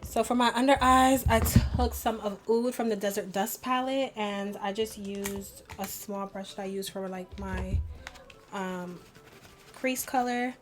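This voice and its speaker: Young woman rambling thru her makeup routine, says like constantly, mid pitch, bit of music low underneath. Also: steady tone, a little slow. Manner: rambling, chatty, heavy use of "like"; laughs at herself. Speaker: beauty vlogger. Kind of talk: get-ready-with-me makeup tutorial chat.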